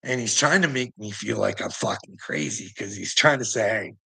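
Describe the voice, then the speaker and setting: A man talks to his livestream viewers in a profane, rambling rant, often breaking off to laugh. His voice is gravelly and husky, with a forceful, tense edge. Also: mid-range voice, lively intonation, normal speed.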